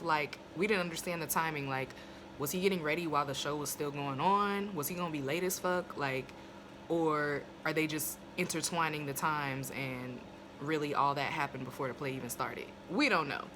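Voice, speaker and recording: Sharp-voiced woman ranting about a TV episode. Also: low voice, a little hiss or hum. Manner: swears freely, talks in long run-on asides; fired-up and indignant when ranting. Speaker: TV episode reviewer. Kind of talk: casual rambling review. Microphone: phone.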